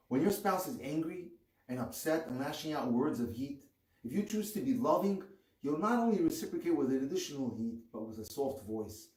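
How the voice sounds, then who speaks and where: A male rabbi giving an earnest, measured teaching on marriage, with pointed emphasis on key words. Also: on the high side, darkish tone. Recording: echoey room, distant mic.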